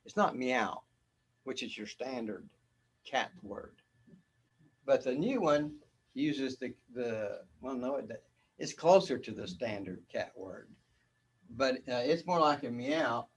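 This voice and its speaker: A man's voice: mid-range voice, expressive, slow pace, slightly rough. A man as a spiritual teacher, giving a casual, rambling talk where he often repeats words and chuckles.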